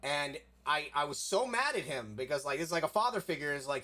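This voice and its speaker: A man's voice: a little high, lively intonation, fairly quick, hardly any pauses, pushed and bright. A young man from South Florida telling a rambling story in casual chat, leaning heavily on "like" and swearing casually.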